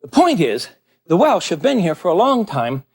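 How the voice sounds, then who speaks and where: Lively high-voiced male cooking host. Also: normal speed, slightly rough. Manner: animated, enthusiastic, folksy. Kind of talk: TV cooking demonstration.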